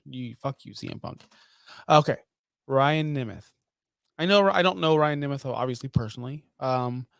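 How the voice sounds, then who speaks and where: A man's voice: fairly high pitch, gravelly, a bit bright, no room sound, clean studio sound. A young man co-hosting a casual wrestling podcast, blunt, profane and full of strong opinions. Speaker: podcast co-host.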